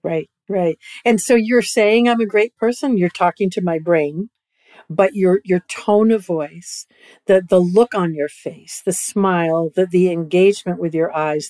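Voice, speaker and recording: Podcast guest over video call, woman, low and mellow, dry sound, keeps asking "right?". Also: fairly even intonation, moderate pace, dry recording. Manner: repeats "right?" often, starts phrases over. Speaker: guest expert. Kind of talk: conversational explanation.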